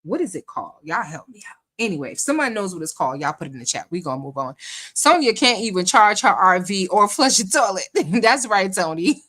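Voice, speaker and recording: Bright-voiced woman hosting a livestream. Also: medium pitch, sing-song, fast. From New York City. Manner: chatty, reads viewer comments aloud, laughs often. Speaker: livestream host. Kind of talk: casual livestream chat.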